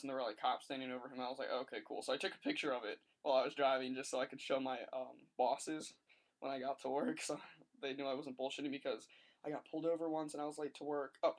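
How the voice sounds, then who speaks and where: A young man telling a rambling story to his webcam, animated and full of "like", in a casual vlog. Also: mid-range voice, fast talker. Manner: rambling, animated rants with lots of "like". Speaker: vlogger.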